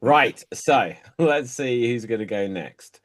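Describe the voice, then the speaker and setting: A man hosting an online improv show over a video call, announcing in a slow, drawn-out way. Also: mid-range voice, animated. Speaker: host.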